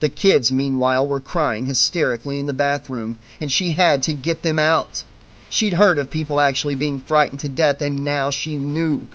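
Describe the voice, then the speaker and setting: A man narrating a horror audiobook in a measured, suspenseful way, slowing down for the tense moments. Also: a little high, steady tone, a bit bright, highs cut off.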